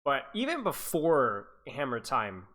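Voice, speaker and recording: A man streaming and chatting loosely with his viewers, his pitch swinging up and down a lot. He rambles, repeats phrases and laughs between thoughts. He talks in a casual, offhand coaching-stream way. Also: huge pitch swings, a little slow, pushed and bright. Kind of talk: casual livestream chat.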